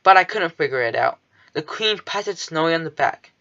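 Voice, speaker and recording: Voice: mid-range voice, lively intonation, moderate pace, creaky, bright, forceful tone, muffled recording. A reader narrating a children's storybook in the first person, with a nervous, fussy manner. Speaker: audiobook narrator.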